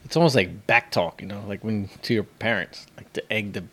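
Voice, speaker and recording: A man's voice: on the low side, brisk, fairly bright tone, husky. A man co-hosting a podcast, telling rambling anecdotes in laid-back casual chat. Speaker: podcast co-host.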